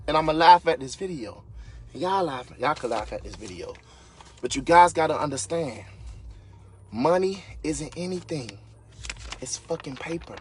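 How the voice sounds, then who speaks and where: A man on a live stream, a real estate investor and business coach giving an unscripted, fired-up motivational rant, yelling and swearing bluntly. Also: fairly high pitch, lively intonation, moderate pace, pauses often. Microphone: phone or webcam on a social media live stream.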